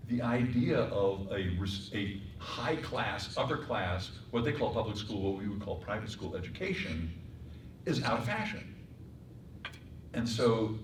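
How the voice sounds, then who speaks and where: Low-voiced man lecturing in an echoey room. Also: unhurried, long pauses, a little hiss or hum. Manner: demonstrates voices and accents, animated. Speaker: voice acting teacher. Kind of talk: workshop lecture. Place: performing arts center room. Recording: echoey room, mic far off.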